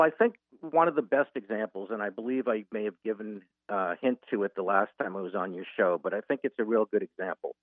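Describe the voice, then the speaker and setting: An author from Boston, appearing as a guest on a radio interview, earnestly walks listeners through an example. His voice is fairly low with no echo, heard through a narrow phone-line sound.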